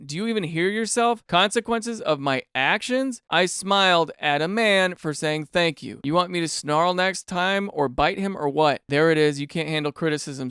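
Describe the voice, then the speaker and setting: A man's voice: a little high, clear, resonant tone, no echo, clean studio sound. A young adult man hosting a comedic reaction show, reading out texts and firing incredulous, sarcastic remarks about them. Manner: incredulous, animated, reads texts aloud with sarcastic asides. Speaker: host reacting to online posts.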